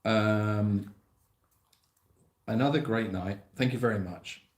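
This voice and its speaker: A man's voice: lowish voice, slow pace. A man co-hosting a live animal sanctuary stream, chatting in a silly, playful way. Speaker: sanctuary co-host. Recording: echoey room.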